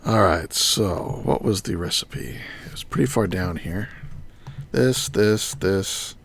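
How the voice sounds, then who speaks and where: A man's voice: low-pitched, slow pace, creaky, fairly bright tone, a little hiss or hum. A man streaming a game live, thinking aloud and muttering item names as he works. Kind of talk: live gameplay commentary.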